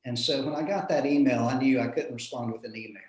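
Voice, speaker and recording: A man, a minister telling a personal story in an earnest, reflective way with soft chuckles. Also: medium pitch, fast. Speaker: minister in a panel discussion. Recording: roomy echo.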